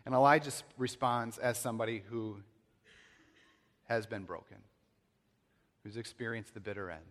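A man preaching a sermon, acting out scripture with loud pleading bursts and hushed, reverent passages. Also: mid-range voice, normal speed, long pauses. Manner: dramatic, swings from loud acted pleading to hushed reverent tones. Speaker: pastor. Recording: long hall reverb.

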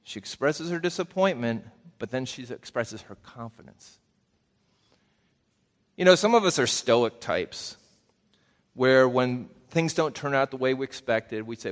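A man's voice: mid-range voice, measured pace. A man preaching a conversational Bible teaching, folksy and talking straight to his listeners with questions. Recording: long reverb of a large hall.

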